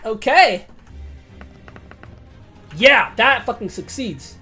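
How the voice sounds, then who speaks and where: Excitable high-voiced woman game master. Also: faint music behind. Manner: excitable, swearing, quick swings of loudness. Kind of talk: narrating a tabletop game.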